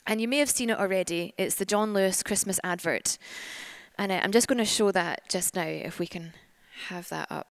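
A woman's voice: medium pitch, fairly quick, no echo. A woman preaching a church sermon in an earnest, heartfelt way. Her voice sits in a middle range. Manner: earnest, gets emotional and laughs through tears. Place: church service.

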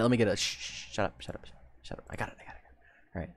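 A woman streaming a live reaction, talking to her chat, swearing casually and bursting into laughter and loud exclamations. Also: very deep voice, fast, vocal fry, pauses often.

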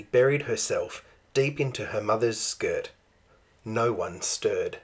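A man reads a children's storybook aloud. His pace is slow and measured, and his voice has a slightly husky edge. He tells the story expressively, as a storyteller would. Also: lowish voice, lively intonation. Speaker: storybook reader. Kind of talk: reading a children's picture book aloud.

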